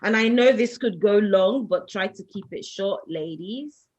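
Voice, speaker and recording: A woman's voice: mid-range voice, animated, a little mellow, muffled recording. A woman, co-hosting a podcast and steering a casual group chat through listener questions. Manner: brisk, steers the talk along.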